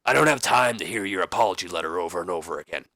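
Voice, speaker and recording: Brief: gruff, angry older male boss, as a man puts him on, low and curt, dry sound. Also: lively intonation, very fast, bright, forceful tone, no room sound, exaggerated voice. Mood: scornful. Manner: growling, scornful, curt.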